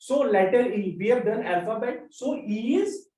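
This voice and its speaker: Male language teacher, unhurried and step-by-step, recorded from a distance in a reverberant room. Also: high voice, expressive, darkish tone. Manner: slow, step-by-step explaining, spells out letters. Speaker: French teacher. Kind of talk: classroom lesson. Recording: roomy echo, mic at a distance.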